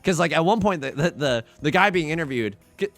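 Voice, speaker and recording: A man's voice: on the high side, animated, brisk, fairly bright tone. A man hosting a Let's Play, giving chatty, rambling gameplay commentary full of restarts and laughs. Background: faint game music.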